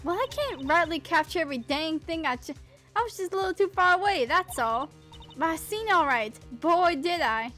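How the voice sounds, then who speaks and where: A brash, folksy woman photographer barks in a high, drawling put-on Southern accent, as a woman voices her. She talks slangy and pushy, shooing people off. Faint game music hums under her. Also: expressive, normal speed, bright, forceful tone, full character voice. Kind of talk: game voice-acting.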